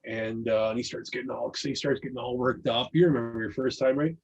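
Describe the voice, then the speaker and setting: A man's voice: mid-range voice, fairly even intonation, a little fast, husky, lo-fi sound. A man telling a long story in casual talk, rambling with many restarts and fillers. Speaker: podcast guest reading his own article.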